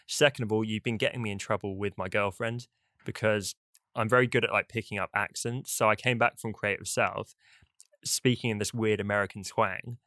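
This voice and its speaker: A British man hosting a casual podcast chat, upbeat and quick to laugh. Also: fairly low pitch, fairly even intonation, sharp tone, dry recording, clean studio sound. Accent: British English. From Britain. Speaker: podcast host.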